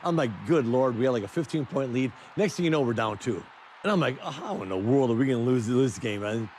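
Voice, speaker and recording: A man's voice: medium pitch, lively intonation, fast talker, a little mellow, slight background noise. A man retelling old stories from his playing days, laughing often and slipping into quoted voices. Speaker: former teammate telling stories. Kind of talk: casual storytelling on a talk show.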